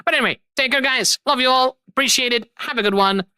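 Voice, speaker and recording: A woman's voice: sits high, quick pace, pushed and bright, clean tone, no room sound. A young adult woman streamer signing off in casual chat, effusive and rambling, repeating her thanks over and over. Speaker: streamer host.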